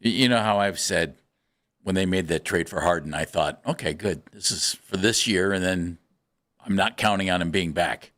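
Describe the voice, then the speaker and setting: A man's voice: sits low, normal speed, fairly bright tone. A man co-hosting a sports radio show, talking casually and dryly teasing his partner as he lays out a prepared bit. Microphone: studio microphone.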